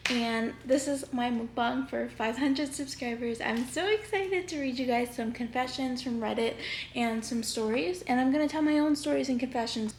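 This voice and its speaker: A woman's voice: fairly high pitch, slight background noise. Bubbly young woman vlogger in echoey room. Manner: bubbly and chatty, laughs often. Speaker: YouTuber. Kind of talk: mukbang vlog chat.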